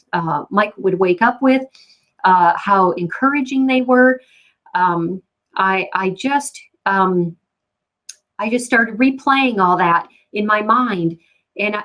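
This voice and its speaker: A middle-aged woman giving a personal faith testimony, halting with frequent repeated words and restarts. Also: mid-range voice, a bit bright, poor audio.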